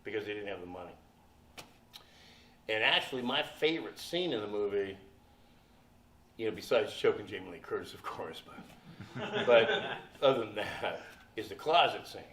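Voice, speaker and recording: Profane, animated older man in an echoey hall. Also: on the low side, moderate pace, pauses often, recorded from a distance. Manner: profane, animated, laughing storyteller. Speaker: convention panel guest. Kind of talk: storytelling on a convention panel. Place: convention hall.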